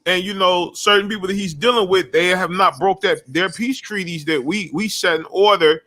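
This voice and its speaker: High, bright-voiced man talking emphatically. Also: moderate pace. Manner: emphatic, repetitive, profane, frequent restarts. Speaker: guest YouTube creator. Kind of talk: casual chat.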